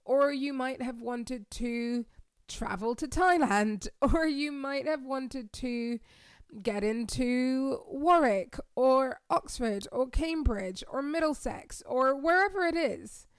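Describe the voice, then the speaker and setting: A woman's voice: high voice, slow pace, clear, resonant tone, no echo, clean studio sound. A woman, hosting a solo podcast in an upbeat, encouraging way and often asking "right?". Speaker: podcast host and careers coach.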